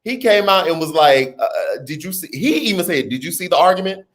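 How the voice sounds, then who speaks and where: A man's voice: fairly high pitch, lively intonation, a little fast, a bit bright. A man hosting a casual livestream, reading viewer comments aloud and riffing on them with laughter and slang. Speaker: livestream host.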